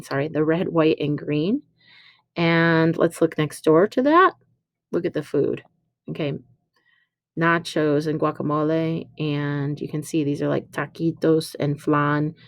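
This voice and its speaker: A woman teacher walks through a recorded slide lesson. She is chatty and explains with fillers and quick self-corrections. Her voice sits low and sounds dry, close to a computer mic. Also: dry recording.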